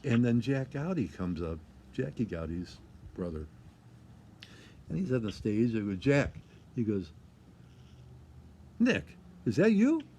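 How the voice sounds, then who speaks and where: A man's voice: on the low side, animated, unhurried, long pauses, dark tone, slight background noise. An older man from Michigan, an interview guest who tells stories in a rambling way, repeats himself and acts out what people said. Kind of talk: casual storytelling.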